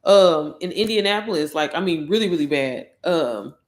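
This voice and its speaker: A woman's voice: low voice, expressive, moderate pace, reverberant, a little hiss or hum. A woman hosting a live stream in casual chat, greeting viewers by name and laughing often. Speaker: livestream host.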